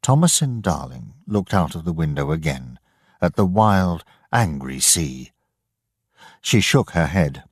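Male narrator, deep voice, slow, lively intonation, husky, dry close sound. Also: dry recording. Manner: slow, clear, deliberate reading. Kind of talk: scripted story narration for English learners.

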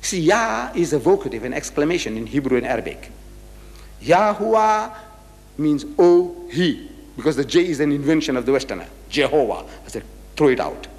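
A man's voice: on the high side, big pitch swings, fairly quick, a little mellow. A man from Africa, giving a religious public lecture in an emphatic, rhetorical way that drives each point home with repeated questions. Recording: reverberant lecture hall recording.

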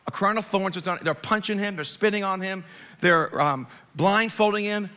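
A middle-aged male pastor giving a sermon, telling the story in a lively, joking way with dramatic retellings. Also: sits high, moderate pace. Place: church sanctuary.

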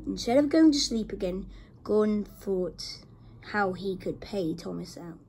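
A woman reading a children's story aloud in a slow, gentle storybook manner. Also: mid-range voice, animated, slight background noise.

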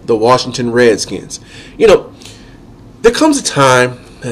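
A man with a cold and a nasal voice, giving methodical opinion commentary on football as an analyst. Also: fairly high pitch. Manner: measured, methodical, lists points one by one.

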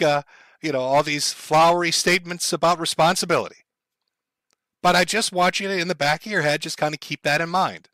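Man, stream host, blunt profane commentary, higher voice, sharp bright tone, dry close sound. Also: no echo.

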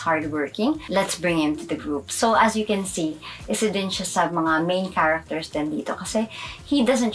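Bright-voiced Filipina woman vlogger. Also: on the low side, low-quality recording. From Philippines. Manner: animated, switching between English and Filipino, playful bursts. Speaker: vlog host. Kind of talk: casual chat and vlog narration.

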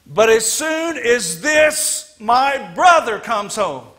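A preacher acting out a resentful older son, complaining to his father in an indignant, high voice. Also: very animated, takes it slowly, pushed and bright, heavily acted.

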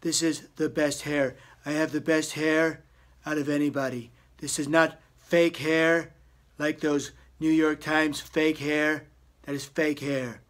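Man doing a comic impression: deep, husky, self-praising politician who says everything twice. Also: flat delivery, takes it slowly. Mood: bragging. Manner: boastful, repeats himself over and over. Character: boastful older male politician impression, blustering and self-praising.

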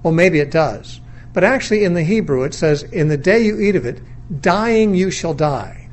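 A man's voice: a little high, lively intonation, a little fast, slight background noise. A middle-aged man teaching a Bible lesson in a sermon lecture, reasoning aloud in a thoughtful, questioning way, often restarting his sentences. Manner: questioning, weighing views, undogmatic.

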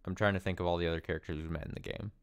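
A man giving casual, excitable game commentary as a let's play host, with laughs and quick asides. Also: low voice, clean tone. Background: game music.

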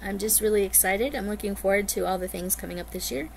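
A woman talking in a chatty, meandering way, bubbling over with excitement as she goes. Her voice sits at an ordinary middle pitch, with a faint hum of noise in the background. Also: fast, gravelly. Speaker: cross-stitch vlogger. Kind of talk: casual chat to camera.

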